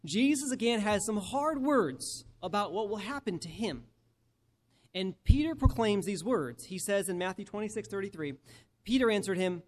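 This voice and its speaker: A male preacher giving a sermon and reading scripture aloud, emphatic and slowing down to stress key phrases. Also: high voice, a little mellow.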